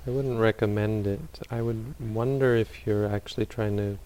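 A Buddhist meditation teacher answers questions from an audience, calm and unhurried, offering gentle advice. His voice sits lowish, and the recording quality is poor.

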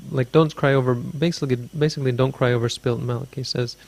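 Man, Buddhist teacher, gravelly voice, meandering thoughtful dharma talk. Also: mid-range voice, fairly even intonation, fairly quick, a little mellow. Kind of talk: dharma talk answering a question.

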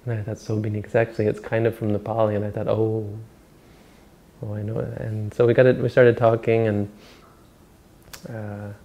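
A monk teacher gives an informal Buddhist dharma talk, rambling and halting, restarting and correcting himself often. His voice is on the low side with little pitch movement, and the audio sounds dull.

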